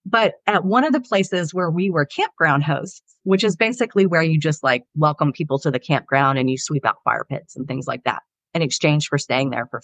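A woman from the Southern US, a guest author on a podcast, telling lively anecdotes in casual conversation. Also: fairly low pitch, no echo. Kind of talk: casual interview storytelling.

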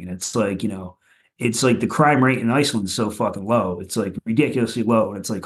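Profane, rambling man from Philadelphia. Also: fast talker. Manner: loose and profane, with many "like"s and "you know"s; animated, goes higher when telling funny bits. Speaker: punk rock musician guest. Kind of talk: casual podcast storytelling.

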